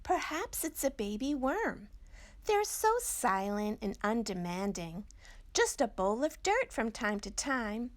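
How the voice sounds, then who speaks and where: A woman librarian reading a picture book aloud to children in a slow, expressive, sing-song way. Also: fairly high pitch. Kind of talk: storybook read-aloud for children.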